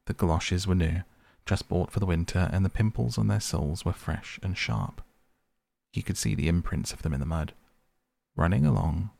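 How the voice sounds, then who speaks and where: A man gently reading a classic novel aloud as a softly spoken bedtime story to help listeners sleep. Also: deep voice, creaky, dry recording. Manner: slow, gentle and soothing. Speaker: podcast host and audiobook reader.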